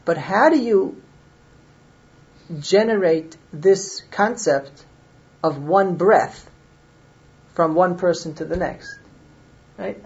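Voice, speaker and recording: A woman with a fairly low voice lectures on Jewish law, working through the logic aloud and pausing to check that her listeners follow. The recording is dull and lo-fi. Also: lively intonation, a little mellow.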